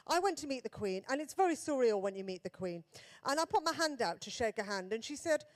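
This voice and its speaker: A woman comedian with a Birmingham accent doing a stand-up set, chatty and self-deprecating, with quick asides to the audience. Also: a little high, darkish tone. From England.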